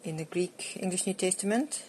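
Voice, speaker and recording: A middle-aged woman delivers a sermon in a slightly low voice. She speaks earnestly and gives scripture lines firm emphasis. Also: moderate pace, a little mellow, slight background noise. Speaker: preacher.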